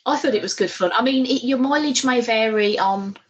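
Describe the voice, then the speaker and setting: A woman's voice: on the high side, brisk, lo-fi sound. A woman co-hosting a podcast, chatting casually and laughing often. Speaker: podcast co-host. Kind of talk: casual chat.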